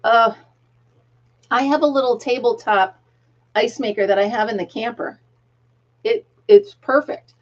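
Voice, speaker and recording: On a relaxed crochet livestream, a middle-aged woman talks, laughs frequently, and counts stitches aloud, with a tickle in her throat. She speaks in a fairly high voice, unhurried and with frequent pauses, over dull audio.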